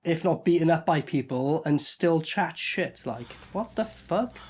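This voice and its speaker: Man, film reaction host, sweary rambler, pitch bouncing all over. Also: expressive, unhurried, a little mellow, husky. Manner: sweary, rambling, puts on silly voices. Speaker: movie reviewer. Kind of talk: casual reaction commentary.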